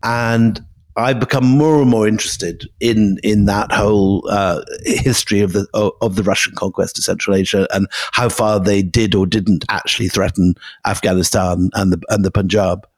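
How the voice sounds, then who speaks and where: A middle-aged man co-hosting a podcast, speaking in a measured, thoughtful way in casual conversation. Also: lowish voice, steady tone. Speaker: podcast co-host.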